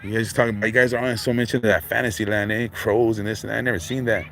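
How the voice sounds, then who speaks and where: A middle-aged man, rambling to his livestream viewers in a relaxed stream of street slang. His voice sits low, with lots of man, dog and you know. A faint hiss of noise runs under the recording. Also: rapid-fire. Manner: laid-back street slang, constant fillers like man and dog. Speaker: livestream host. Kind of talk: casual livestream monologue.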